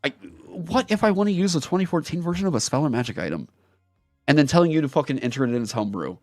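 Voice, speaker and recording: Heated, profane man with a lively voice. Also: a little high, fast talker, dry recording, studio quality, soft background music. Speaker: YouTuber and streamer. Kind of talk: angry commentary rant.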